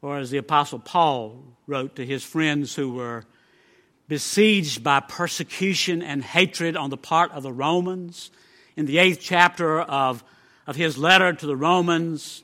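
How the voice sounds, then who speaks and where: A male preacher delivers a sermon in an emphatic way, pausing between phrases. His voice is high and bright, and he takes his time. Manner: emphatic, with measured pauses.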